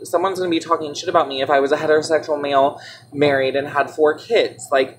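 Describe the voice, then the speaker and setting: A woman's voice: sits low, a bit bright, a little hiss or hum. A young woman vlogging in a candid, defiant rant, blunt and full of swearing, mocking her critics in quoted voices. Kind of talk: candid ranting vlog.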